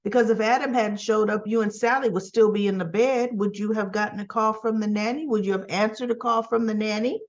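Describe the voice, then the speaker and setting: A woman's voice: mid-range voice, steady tone, fairly quick, few pauses, dull audio. A woman casually recapping a soap opera episode in a chatty way, acting out the characters' lines and often asking "right?".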